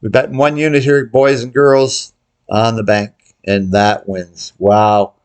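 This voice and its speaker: A man's voice: mid-range voice, little pitch movement, unhurried, darkish tone, clean tone. An older man hosting a gambling tutorial, calling out bets to viewers in a casual, joking way. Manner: chatty, jokey, calls out bets to viewers. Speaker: baccarat tutorial host. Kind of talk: casual commentary over live bets.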